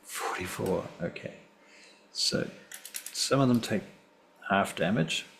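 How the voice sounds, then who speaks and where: A man's voice: on the low side, animated, slow pace, vocal fry, fairly bright tone, slight background noise. A man running a tabletop game as game master, easygoing and thinking aloud as he tallies dice.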